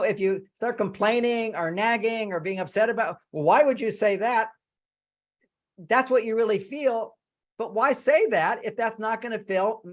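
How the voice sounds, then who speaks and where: An older man giving relationship advice on a video call, lively and animated, acting out quoted lines in a higher voice. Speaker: relationship author giving a talk.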